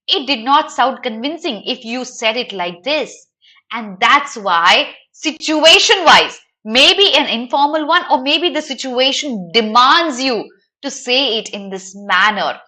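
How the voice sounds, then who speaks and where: A young woman with an Indian English accent teaches a live online class. Her voice is bright and a touch high. She explains the text animatedly and keeps checking in with her students. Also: unhurried. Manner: animated, asks students questions, addresses viewers by name.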